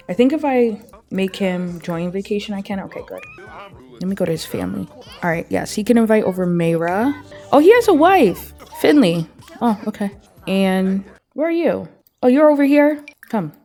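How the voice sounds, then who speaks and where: A woman casually commenting on her life-simulation gameplay, chatting freely and voicing her characters' lines in quick asides. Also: medium pitch, darkish tone. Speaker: gameplay host. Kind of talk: casual let's-play commentary.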